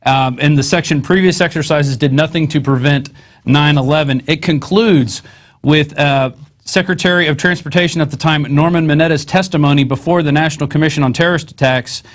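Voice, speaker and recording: A man's voice: on the high side, fairly quick. A man hosting a news show, reading articles aloud and adding sarcastic, conversational asides.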